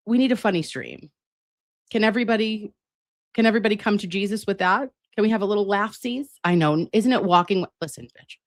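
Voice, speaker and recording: A woman's voice: mid-range voice, no room sound, studio quality. A woman hosting a casual livestream from home at her laptop, chatty and profane, calling her viewers lovies and babes. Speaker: livestream host. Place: home, at a laptop with air conditioning running. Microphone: laptop setup.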